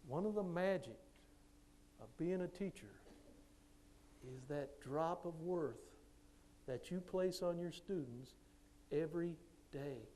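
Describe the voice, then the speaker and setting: High-voiced animated male speaker. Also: slight background noise. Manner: animated storyteller who acts out dialogue. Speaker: motivational speaker and coach. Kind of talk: motivational speech to teachers.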